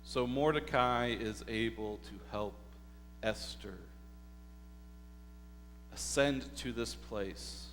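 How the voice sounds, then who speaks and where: A male pastor preaching a sermon, telling the story slowly and deliberately and putting rhetorical questions to the congregation. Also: mid-range voice, a bit bright. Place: church sanctuary. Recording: hall reverb with faint mains hum.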